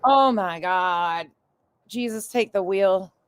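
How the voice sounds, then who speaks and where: A woman's voice: medium pitch, takes it slowly, smooth, no room sound. A woman commentating on a livestream in a sarcastic, heavily profane style. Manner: sarcastic, swears constantly.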